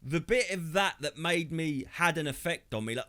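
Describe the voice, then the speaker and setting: Man, podcast co-host, bright lively storyteller, swears a lot. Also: a little high, brisk. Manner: animated, swearing, acts out quoted voices. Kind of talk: casual comedic storytelling.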